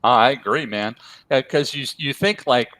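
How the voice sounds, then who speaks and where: A man's voice: mid-range voice, normal speed, pushed and bright, no room sound. A man from Pennsylvania, a motivational speaking coach, talking energetically as a podcast guest and calling the host brother. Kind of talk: podcast interview.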